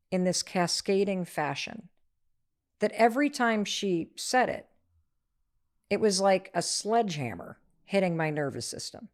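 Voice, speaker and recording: A middle-aged woman, an author, telling a story as an interview guest, lively and acting out the voices of the people in it. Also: mid-range voice. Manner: energetic, acts out quoted voices.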